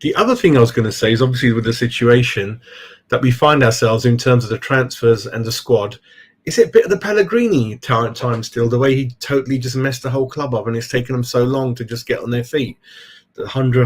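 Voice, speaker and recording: On a live fan stream, a middle-aged host chats casually and keeps calling everyone "mate." His voice sits at medium pitch and moves fairly quickly.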